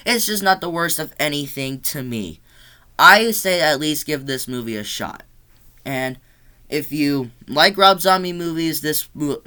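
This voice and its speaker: A man reviewing a horror sequel in a casual vlog, talking bluntly and rambling, his pitch climbing when he gets exasperated. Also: pushed and bright, clean tone. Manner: loose, rambling delivery with restarts. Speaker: movie reviewer.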